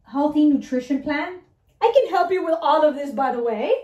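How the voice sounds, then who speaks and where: A woman coaching her listeners on mindset, talking in an animated way and asking "right?" again and again. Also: sits high, moderate pace, echoey room, dull audio. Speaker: mindset and weight-loss coach. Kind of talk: motivational talk to listeners.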